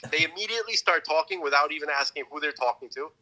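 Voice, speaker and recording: A man's voice: a little high, quick pace, over a noisy crowd, low-quality recording. A man hosting a podcast, talking through religious teachings in a loose, rambling way with many restarts. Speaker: podcast host. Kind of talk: casual religious discussion.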